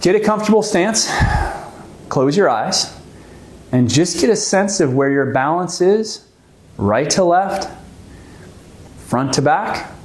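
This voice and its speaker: A man calmly leading a stretching class, guiding the moves step by step and explaining why each one helps. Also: a little high. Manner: calm, gently coaching, explains the reasons for each move. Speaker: movement class instructor. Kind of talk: guided exercise class instruction.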